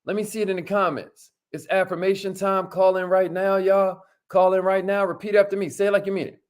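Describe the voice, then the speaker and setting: A man's voice: high-pitched, level tone, fairly quick, hardly any pauses. A man hosting a motivational talk, speaking casually, calling his viewers y'all and leading them through affirmations. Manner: casual, repeats words, addresses viewers as y'all; leads call-and-response affirmations. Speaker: host.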